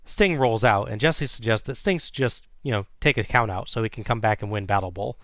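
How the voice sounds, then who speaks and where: A man's voice: on the low side, brisk, a bit bright, no echo, studio quality. A man hosting a podcast, recapping a wrestling match play by play in a casual way with small chuckles.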